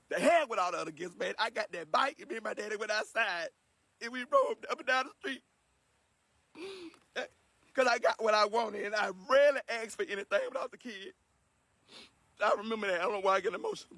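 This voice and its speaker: A man's voice: sits high, gravelly, bright, forceful tone, slightly rough, dry recording. A man giving an earnest, emotional spoken lesson to his viewers in a casual, repetitive way. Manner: earnest and preachy, repeats himself, emotional. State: sweating.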